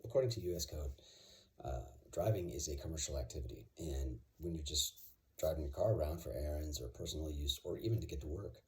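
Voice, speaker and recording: A man's voice: rumbling low, brisk, darkish tone. A man talking casually and confidently, rambling with many fillers and restarts. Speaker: vlogger. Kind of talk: casual monologue.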